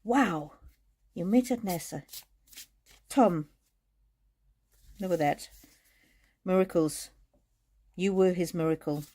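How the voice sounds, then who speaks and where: A woman giving a live-streamed oracle card reading, speaking gently and haltingly, moved to emotion and laughing often. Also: on the low side, lively intonation. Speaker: tarot and oracle card reader. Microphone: streaming mic.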